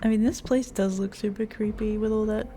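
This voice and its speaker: A woman's voice: mid-range voice, steady tone, fairly quick, over music. A woman streamer chatting casually as she reacts to a video, giggly and easily spooked.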